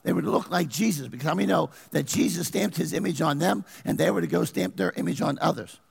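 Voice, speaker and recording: Gravelly man preaching in a reverberant church. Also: a little high, quick pace. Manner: preaching with rhetorical questions to the congregation. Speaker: pastor. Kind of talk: sermon.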